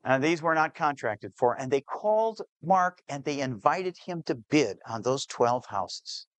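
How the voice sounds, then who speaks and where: A man telling a true-to-life story to an audience, slowing down on key details and voicing the people in it. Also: on the high side, lively intonation, dry recording. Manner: shifts pace, slows on key details, plays the people in the story. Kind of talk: dramatic spoken storytelling.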